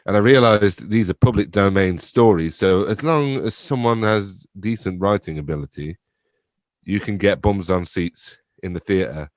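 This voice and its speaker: The speaker is a young adult man from England who runs a theatre company, a casual interview guest who jokes at his own expense, laughs often and drops casual swears. His voice is low-pitched at a moderate pace, clean studio sound with no room sound.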